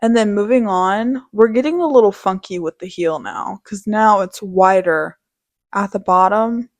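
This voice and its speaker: A woman's voice: medium pitch, a little slow, dry recording. A young woman vlogger gushing dramatically over office outfits and shoes in casual, slangy chat. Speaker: fashion vlogger. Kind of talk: casual product showcase.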